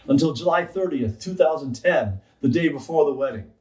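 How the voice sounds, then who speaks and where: A man's voice: on the high side, expressive, a little fast, a little mellow. A man, a comedian, narrating a comic story in a playful, wry way. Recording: roomy, distant mic. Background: faint background music.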